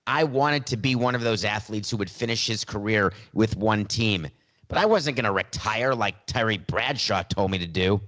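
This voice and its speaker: A man's voice: on the low side, moderate pace, fairly bright tone, lightly acted. A man on a sports podcast playing a smug, money-minded star quarterback in his forties, in a mock press conference using his own plain voice. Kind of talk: satirical impression in a sports podcast.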